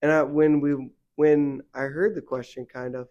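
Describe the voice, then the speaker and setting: The audio is dull as the young man, a faith podcast co-host, speaks at a moderate pace with a voice on the high side. He meanders casually with plenty of fillers and becomes animated when venting.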